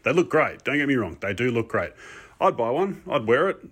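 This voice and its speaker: A man's voice: mid-range voice, big pitch swings, a little fast, fairly bright tone, breathy edge. A man playing a self-styled lord, a frustrated, ranting sports fan persona. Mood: exasperated rant. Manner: ranting, exasperated, swearing. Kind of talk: pre-recorded comic rant segment.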